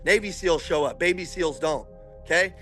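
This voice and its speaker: Fired-up high-voiced male sales coach. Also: moderate pace, faint music behind. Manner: intense, preachy, builds to shouting. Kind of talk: motivational speech.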